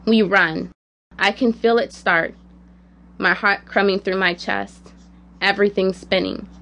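A woman narrating a personal story in the first person, in a quiet, measured, reflective way. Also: medium pitch.

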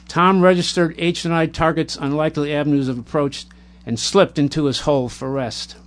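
A man reading a war memoir aloud in a measured, plain way, now and then stumbling and correcting himself. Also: on the high side, fairly even intonation. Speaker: narrator.

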